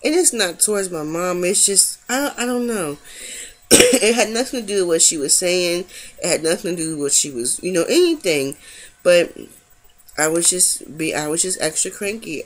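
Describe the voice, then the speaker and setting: A young woman talking casually to her camera, candid and rambling with frequent restarts. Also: lowish voice. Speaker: vlogger sharing pregnancy update.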